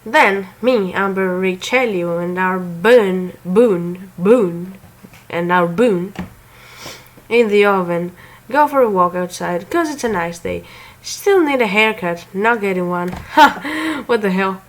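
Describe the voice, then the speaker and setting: A woman reads a revenge story aloud in an unhurried, slow way. She trips over words, backs up to correct herself and drops offhand joking asides between passages. Her pitch sits in the middle for a woman. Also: expressive, rough recording. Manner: stumbling, self-correcting, laughing asides. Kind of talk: casual story reading with asides.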